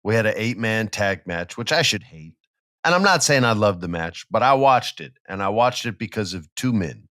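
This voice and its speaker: Animated, low-voiced male podcast host. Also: normal speed, no room sound, studio quality. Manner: animated storyteller who acts out quotes and sound effects. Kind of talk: casual wrestling podcast chat.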